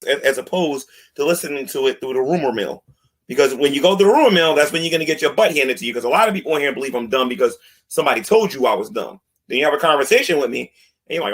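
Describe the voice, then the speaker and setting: A man's voice: fairly high pitch, expressive, rapid-fire. A man streaming a ranting monologue, confrontational and mocking toward his critics.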